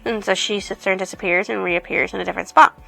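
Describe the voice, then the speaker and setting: A woman's voice: medium pitch, fairly even intonation, fast, gravelly, pushed and bright, faint music behind. A woman casually reviewing a book, retelling the plot in a rambling way. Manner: rambling, lots of "she's like".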